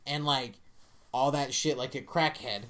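A man's voice: mid-range voice, measured pace, fairly bright tone. A man co-hosting a podcast in casual rambling chat, crude and full of fillers. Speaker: podcast co-host.

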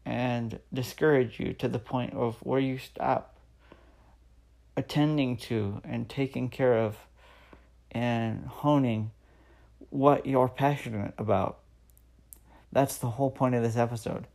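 Podcast host, male, 30s: slow, earnest pep talk, some vocal fry. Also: medium pitch, fairly even intonation, darkish tone. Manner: earnest, encouraging, repeats phrases for emphasis. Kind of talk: solo motivational podcast talk.

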